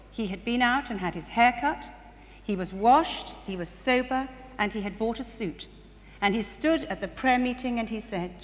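A church conference speaker, a woman with a slightly high voice, recounts testimonies in a preaching style. She laughs readily, stays animated, and builds to excited bursts; the hall recording is distant and echoey, with a faint ambient hum.

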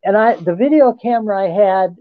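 A man with a high voice recounts a personal story in an earnest, halting way, pausing to restart his sentences. He is heard over a tinny, dry phone line. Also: no echo. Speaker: interview guest. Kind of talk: first-person account in a radio interview.

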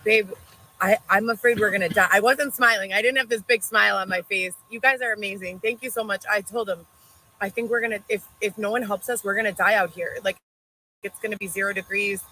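A woman's voice: mid-range voice, fairly even intonation, a little fast, pushed and bright, a little hiss or hum, poor audio. A young pregnant woman rambling effusively in an emotional thank-you video. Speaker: streamer filmed in a played clip.

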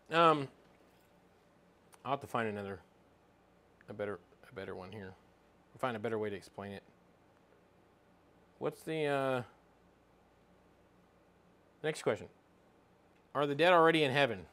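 A man's voice: mid-range voice, fairly bright tone. A man giving an informal Bible teaching, reading scripture aloud and searching for verses as he talks. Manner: conversational, reads scripture aloud and looks up verses mid-talk.

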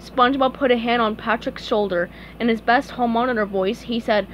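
A woman with a fairly high voice reads a children's story aloud in a calm, steady, unhurried way. Faint background noise hums beneath her. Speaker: storybook reader. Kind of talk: reading a children's book aloud.

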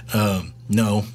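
A man's voice: on the low side, darkish tone, slight background noise. A middle-aged man from Georgia with a Southern drawl, hosting a developer live stream in casual, rambling talk full of fillers. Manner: rambling, halting, with many fillers.

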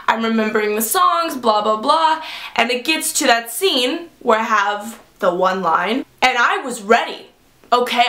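A young woman vlogger telling a comic personal story, animatedly acting out the quoted lines with sudden high jumps. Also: pushed and bright, echoey room.

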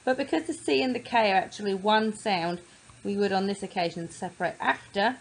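Woman tutor, patient, slow sounding-out, mid-range pitch. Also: poor audio. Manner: patient, sounds words out slowly. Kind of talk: phonics lesson explanation.

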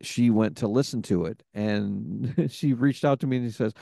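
A podcast host telling stories in a casual chat, rambling with many fillers. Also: male voice, medium pitch, measured pace, vocal fry, hardly any pauses, mellow, no room sound, studio quality.

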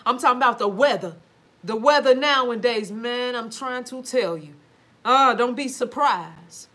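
Lady ranting on a home livestream, cussing a lot, talking straight to her viewers, kinda high voice. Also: a little slow, pushed and bright. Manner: emphatic, swears freely, addresses viewers directly. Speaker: livestream talker reading viewer comments. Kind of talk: casual profane livestream monologue.

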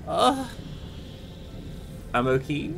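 A man's voice: on the high side, very animated, extremely slow, vocal fry, fairly bright tone, a little hiss or hum. A young man streaming a game, chatting casually and a bit sleepily as he answers his chat in a rambling way. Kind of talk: casual live-stream chat while gaming.

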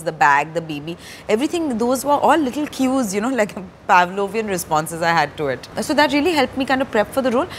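A woman, talking as a guest in a candid stage interview, soft-spoken and hesitant with many fillers. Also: medium pitch, a little hiss or hum. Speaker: actor and director, interview guest. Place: stage before a live audience.

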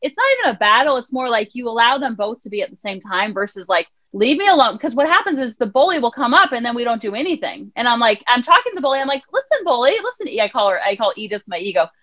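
High, fast-talking counselor woman. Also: no echo, lo-fi sound. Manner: animated, acts out quotes in voices. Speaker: child counselor and life coach guest. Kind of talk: podcast interview conversation.

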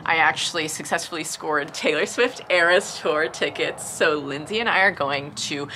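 A woman's voice: deep voice, moderate pace, sharp tone, slight background noise. A young woman in her twenties telling a casual storytime, chatty, with lots of "like" and "you know". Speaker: vlogger.

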